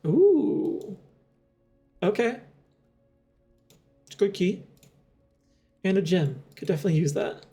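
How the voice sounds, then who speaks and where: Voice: medium pitch, lively intonation, normal speed, pauses often, warm tone, breathy edge, faint music behind. A young adult game streamer chatting casually while playing, rambling and thinking aloud with frequent laughs. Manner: rambling, giggly, thinks aloud with many fillers.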